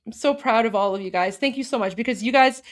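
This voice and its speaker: A woman's voice: fairly high pitch, quick pace. A woman in her thirties hosting a livestream, talking to viewers in a rambling, hesitant way. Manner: rambling, hesitant, emotional and warm toward viewers. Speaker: livestream host. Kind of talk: casual livestream chat to viewers.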